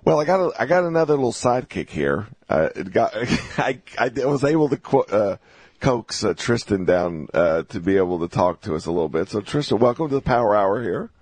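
A man hosting a talk radio show, talking in a halting way with many fillers and restarts. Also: on the low side, big pitch swings, darkish tone, dry recording.

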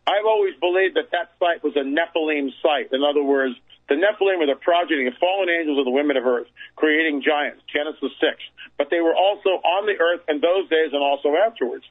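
A man's voice: on the high side, brisk. Emphatic man on a tinny phone line. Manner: emphatic, repeats phrases for effect. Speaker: radio show guest. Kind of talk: storytelling on a call-in radio show.

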